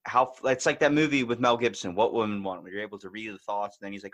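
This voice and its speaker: A man hosting a casual podcast, talking in a loose and animated way. He swears freely and slips into put-on voices to act out his stories. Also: lowish voice, fast talker, hardly any pauses. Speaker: podcast host.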